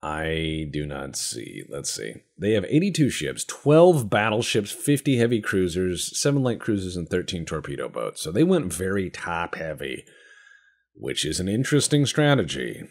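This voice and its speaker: In this let's-play, a male gameplay commentator jokes, curses, and wanders off topic while playing a strategy game. His voice sits low with vocal fry, moves at a moderate pace, and swoops wildly in pitch.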